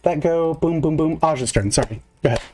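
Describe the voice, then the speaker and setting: A man's voice: on the high side, quick pace, a crowd in the background. Casual man running a tabletop game. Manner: casual, filler-heavy, counting moves aloud. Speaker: game master.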